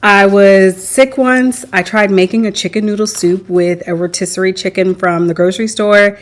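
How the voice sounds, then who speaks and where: A woman's voice: mid-range voice, steady tone, moderate pace, rough recording. A woman chatting casually as a home cooking vlogger, rambling along with frequent small laughs. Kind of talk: casual voice-over chat. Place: home kitchen. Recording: clear cooking noise behind.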